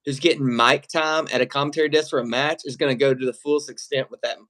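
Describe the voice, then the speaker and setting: A man's voice: medium pitch, steady tone, fast, fairly bright tone. A man co-hosting a wrestling reaction stream in casual, rambling chat, swearing freely. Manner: rambling, profane, laughs while talking. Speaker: wrestling show co-host.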